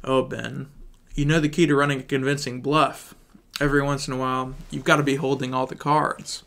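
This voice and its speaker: A man reading a film script aloud with his mouth full of chewing gum, his throat dry, in a flat, hurried read. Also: medium pitch, vocal fry. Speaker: video creator.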